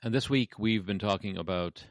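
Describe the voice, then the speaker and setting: A man hosting a casual podcast chat, relaxed and jokey as he runs the segments. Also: on the low side, moderate pace, no room sound, studio quality. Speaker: podcast host.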